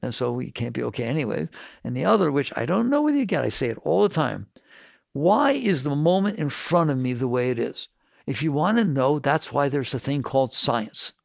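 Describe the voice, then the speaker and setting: A man giving a spiritual talk to an audience, blunt and animated, full of rhetorical questions. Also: medium pitch, fairly quick, gravelly, no echo, studio quality. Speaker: spiritual teacher.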